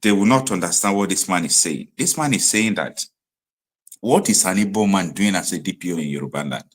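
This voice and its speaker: A man from Nigeria hosting a live stream, commenting in an animated way that rises to emphatic outbursts. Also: low voice, a little fast, breathy edge. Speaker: online show host.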